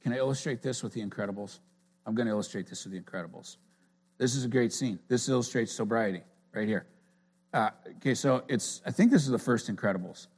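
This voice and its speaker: Man, preacher, informal sermon, earnest, conversational, restarts sentences, mid pitch. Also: quick pace, a little mellow, breathy edge.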